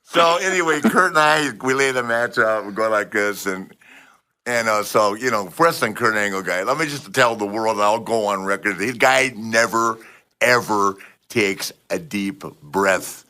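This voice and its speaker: A man in his fifties or older hosting a podcast, telling wrestling stories in a lively voice, acting out dialogue and laughing often. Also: lowish voice, a little slow. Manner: animated storyteller, acts out dialogue, laughs often. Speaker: podcast host. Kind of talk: casual storytelling chat.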